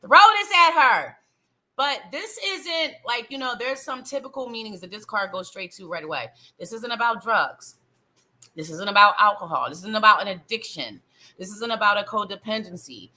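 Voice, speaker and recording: Bright, chatty woman doing tarot readings. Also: medium pitch, lively intonation, moderate pace, poor audio. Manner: chatty, playful, talks straight to the viewer; laughs often. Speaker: psychic reader hosting a live show. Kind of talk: live tarot reading chat.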